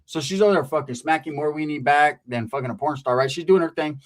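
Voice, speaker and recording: A man's voice: on the high side, quick pace. A man from the Merced area of California telling a rambling, profane comic story. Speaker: comedian storyteller.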